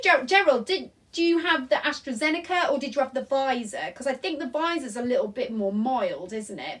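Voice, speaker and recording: Woman, high voice, casual live-stream chat, rambling, apologetic, lots of fillers. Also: fairly bright tone, distant mic, poor audio. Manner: chatty, rambling, full of "um" and "like"; apologetic, reading out viewer comments. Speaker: vlogger hosting a live Q&A. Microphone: tablet recording.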